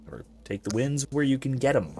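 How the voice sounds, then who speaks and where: A man's voice: mid-range voice, very animated, fast talker, darkish tone. A man hosting a let's play, chatting casually and rambling into academic digressions while reading chat messages aloud. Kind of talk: casual gameplay commentary.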